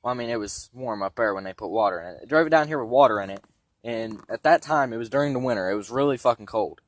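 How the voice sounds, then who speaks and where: A man's voice: mid-range voice, lively intonation, fast talker, dry recording. A young man with congested sinuses telling a rambling, profane story about his truck in a blunt, casual way, outdoors beside parked trucks on a handheld phone camera. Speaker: vlogger giving a vehicle tour.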